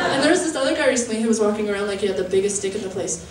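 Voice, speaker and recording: A young woman doing a stand-up comedy set with a halting, chatty delivery full of fillers, often laughing at her own jokes. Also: mid-range voice, animated, heavy background noise. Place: comedy venue stage. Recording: roomy live-venue sound from a distance.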